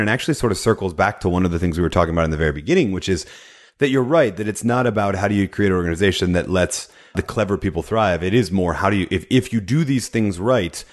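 A man hosting an interview, responding thoughtfully and building on his guest's points. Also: sits low. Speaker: interview host. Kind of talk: conversational interview.

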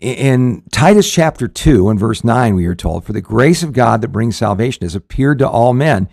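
A man's voice: medium pitch, expressive, normal speed, vocal fry, a little mellow, dry recording. Earnest pastor man, dry close sound. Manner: earnest, rambling with frequent restarts and fillers. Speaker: pastor and show host. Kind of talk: conversational Bible teaching.

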